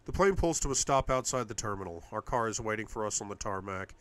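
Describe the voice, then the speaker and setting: Low-voiced man reading a novel aloud. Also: animated, fast talker, fairly bright tone. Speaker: audiobook reader. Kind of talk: first-person novel narration.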